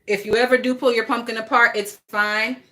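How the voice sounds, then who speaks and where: A woman's voice: a little high, flat delivery, fairly quick, bright, forceful tone. A woman chatting casually and gossiping bluntly, with a lot of swearing, while she works on a craft project. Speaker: vlogger.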